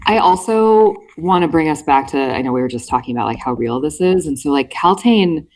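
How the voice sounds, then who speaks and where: Low, expressive and darkish in tone, this woman talks a little fast over slight background noise. Hosting a book club podcast, she casually recaps chapters in a chatty way, full of "um" and "like."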